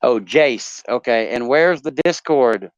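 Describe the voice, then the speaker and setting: Rambling, joking male host; smooth, clear voice on a dry, slightly muffled recording. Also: mid-range voice, expressive, takes it slowly, dry recording. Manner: rambling, joking, many fillers. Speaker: talk show host. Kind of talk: casual chat, asking would-you-rather questions.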